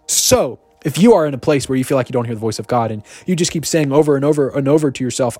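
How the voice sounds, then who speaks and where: A man giving an energetic, joking podcast sermon, rushing through asides and then slowing down to repeat key lines. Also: medium pitch, no room sound, faint music behind. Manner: energetic, joking, swings between rapid asides and slow emphatic repetition. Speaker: podcast preacher. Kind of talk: casual sermon.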